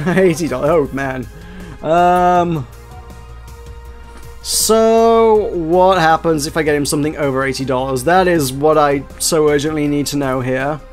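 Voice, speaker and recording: A man with a slightly high voice thinking aloud as he plays through a game. He rambles, trails off and fills pauses with "um." Faint music runs quietly under his talk. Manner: rambling, hesitant, many "um"s and self-corrections. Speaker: let's play host. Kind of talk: casual gameplay commentary.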